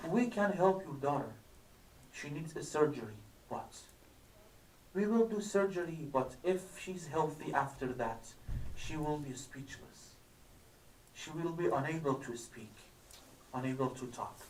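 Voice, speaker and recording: Man, high-pitched, emotional story sermon, roomy hall sound. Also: animated, a little slow, recorded from a distance, a little hiss or hum. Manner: grows louder, higher and crying-like as the story peaks. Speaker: speaker at a religious gathering. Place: mosque hall.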